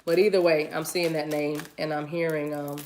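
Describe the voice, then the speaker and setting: A woman's voice: deep voice, flat delivery, normal speed, noisy background. A woman giving a casual livestream tarot reading, chatty and playful, laughing easily. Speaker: tarot reader.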